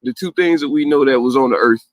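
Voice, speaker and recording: A man's voice: medium pitch, fast talker, no room sound, poor audio. A man hosting a podcast, ranting bluntly in casual slang with heated asides and frequent laughs. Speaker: podcast host. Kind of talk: casual profane rant.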